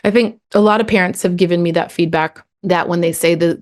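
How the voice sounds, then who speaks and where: A woman's voice: on the low side, level tone, brisk. A middle-aged woman coaching a parent in a casual, direct way, acting out what to say to a child. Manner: casual, talks straight to a parent, acts out scripts. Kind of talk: live coaching session.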